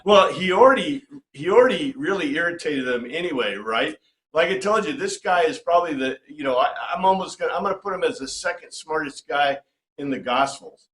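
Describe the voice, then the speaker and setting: A man's voice: on the high side, lively intonation, fairly quick, a bit bright, roomy sound. Chatty man teaching a class. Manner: chatty, checks in with "right?". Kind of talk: informal lecture to a class.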